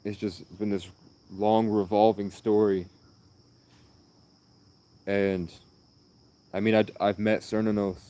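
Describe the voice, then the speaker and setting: A man with a low, mellow voice rambles earnestly through one story after another. His delivery stays flat and even, and he jumps from tale to tale. Crickets chirp faintly outdoors behind him. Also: slow, long pauses. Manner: meandering, earnest, jumps between anecdotes. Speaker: livestreamer.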